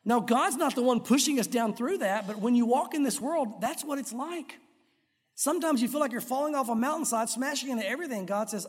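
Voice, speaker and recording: A man's voice: very high voice, brisk, husky. A man preaching a sermon as a pastor, telling stories and acting out voices. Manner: animated storytelling, acts out voices. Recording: long reverb of a large hall.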